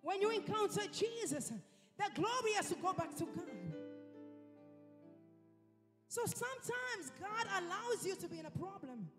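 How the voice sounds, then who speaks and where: Woman preacher, very high voice, emphatic repetitions, reverberant hall. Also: very animated, measured pace, long pauses. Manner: emphatic, repeats phrases for effect. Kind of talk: sermon. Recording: reverberant hall with faint music.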